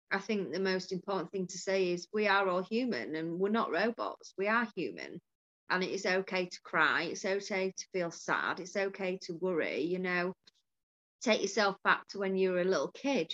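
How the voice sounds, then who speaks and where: A woman in a casual chat, candid and animated, who swears freely when she tells her own stories. Her voice sits at a middling pitch. The recording is dull and lo-fi. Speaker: podcast host and coach. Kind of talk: casual conversation. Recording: dull lo-fi sound.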